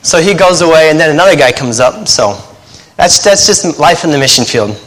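A somewhat high-voiced male pastor preaches with long reverb ringing around him. He talks quickly by habit, reins himself in, and breaks into laughing asides between points. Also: animated, a bit bright. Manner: fast-talking habit, deliberately slowing down; chatty, laughs at his own stories. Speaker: pastor and missionary. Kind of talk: sermon with joking asides.

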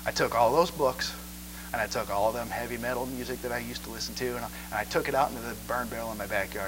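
A man preaching a sermon in an animated way, often checking in with listeners. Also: medium pitch, fast talker, background noise. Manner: animated, asks the crowd 'okay?' a lot.

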